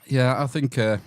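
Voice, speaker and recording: A man's voice: deep voice, heavy background noise. A man hosting a podcast, chatting casually and reminiscing about films. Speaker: podcast host. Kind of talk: casual chat.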